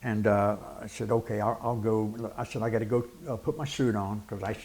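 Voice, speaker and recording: A man's voice: on the low side, fairly quick. A middle-aged man, a preacher and former wrestler telling a story as a guest in an interview, acting out the quotes. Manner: animated anecdote with acted-out quotes and laughter.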